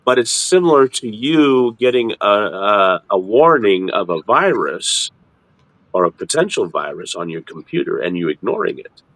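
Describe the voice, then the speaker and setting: A middle-aged man hosting a casual ministry chat, explaining in a lively, halting way with frequent restarts. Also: dry recording. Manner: animated, repeats and restarts words, jumps into high mock voices. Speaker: ministry host.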